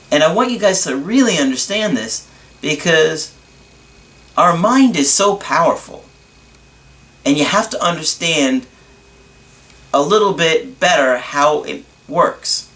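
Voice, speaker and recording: A man's voice: a little high, a bit bright. A man gives a casual motivational talk, speaking straight to his listeners. He is earnest and emphatic. He stresses his points firmly.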